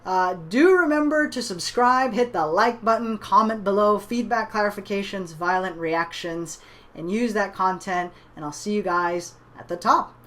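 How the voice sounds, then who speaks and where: A woman's voice: medium pitch, moderate pace, a bit bright. A woman telling a motivational story in a conversational way, often tagging her lines with "right?". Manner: conversational, many "you know" and "right?" tags. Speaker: online business trainer.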